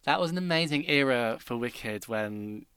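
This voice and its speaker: A man's voice: mid-range voice, animated, moderate pace, fairly bright tone, smooth, no room sound, clean studio sound. A man hosting an interview podcast, chatting enthusiastically about theatre with his guest. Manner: enthusiastic, gushing fan talk. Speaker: podcast host. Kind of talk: casual interview chat.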